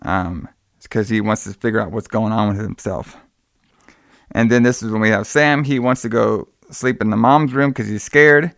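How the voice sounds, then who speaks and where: A man's voice: lowish voice, moderate pace, vocal fry, a bit bright, no room sound, studio quality. A man in casual chat, rambling through a film plot scene by scene. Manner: rambling retelling with acted-out quotes. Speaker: podcast co-host recapping a film.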